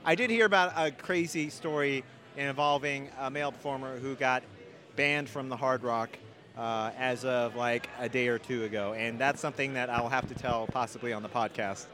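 A man's voice: mid-range voice, steady tone, moderate pace, sharp tone. A man being interviewed as a guest, answering coyly and playfully brushing off the host's claims. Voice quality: playful, coy, downplays with dry humor. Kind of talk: casual interview chat.

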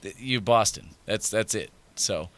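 A man telling stories as a podcast guest, animated and acting out quoted lines. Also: lowish voice, measured pace, dry recording. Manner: animated storyteller, acts out quotes. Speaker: podcast guest, adult film performer. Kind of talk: casual chat.

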